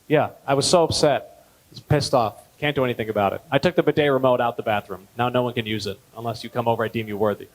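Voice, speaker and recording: A man in his thirties doing a stand-up comedy set at a gala, telling stories deadpan and jumping up in pitch on punchlines. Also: quick pace, poor audio. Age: 30s. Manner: deadpan storytelling, with lively jumps in pitch on punchlines. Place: gala event hall.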